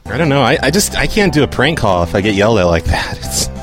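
A man's voice: mid-range voice, sing-song, fast, music in the background. A man making a prank call, stammering and whining in mock hurt. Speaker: prank caller.

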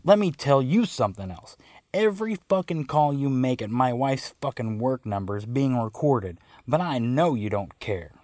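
A man's voice: medium pitch, expressive, moderate pace, darkish tone, dry recording, studio quality, close to an everyday voice. A man voicing an angry, profane middle-aged man on the phone, blustering threats.

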